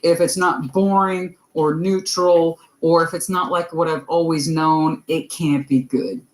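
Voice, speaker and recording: A man's voice: on the high side, fairly even intonation, unhurried. Emphatic man with a raised voice in an echoey room. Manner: emphatic, blunt and profane. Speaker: tarot reader. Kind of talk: livestreamed tarot reading.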